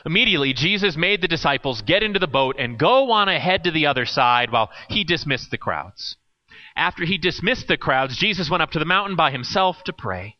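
A man delivers a sermon with a conversational, playful edge. His fairly high voice swings widely in pitch as he tells the story. The recording sounds muffled and lo-fi. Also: animated, fairly quick. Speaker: preacher.

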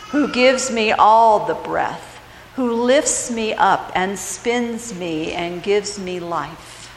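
A middle-aged woman giving a personal testimony from a church, telling her story in a slow, heartfelt way. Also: mid-range voice, reverberant, big-room sound, a little hiss or hum, rough recording. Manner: storytelling, slow and heartfelt, lively in funny parts. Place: church sanctuary.

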